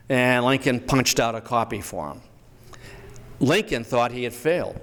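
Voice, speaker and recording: A man giving a public history lecture in a storytelling manner, slowing down to recite quotations. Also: medium pitch. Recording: echoey hall.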